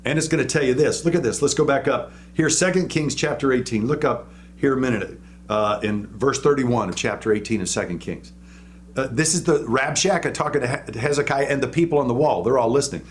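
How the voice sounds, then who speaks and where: A man's voice: medium pitch, a little fast, slight background noise. A man preaching in an informal, conversational way, walking through a Bible passage with restarts and dramatic quoting.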